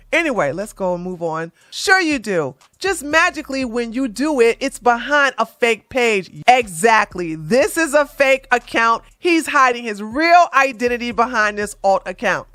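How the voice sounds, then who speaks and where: A woman with a fairly high voice runs a comedic commentary, reading posts aloud and firing blunt, mocking replies. Her voice is recorded close and dry, with no room sound. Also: lively intonation, normal speed, few pauses, a bit bright, no room sound. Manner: blunt, mocking, talks straight back at the person she covers. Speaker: commentary channel host.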